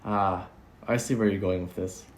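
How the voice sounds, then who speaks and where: A man's voice: low voice, fairly even intonation, a little hiss or hum, natural voice. A man playing a prim, old-fashioned vampire. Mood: dry. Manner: measured, formal, prescriptive. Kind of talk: amateur audio drama.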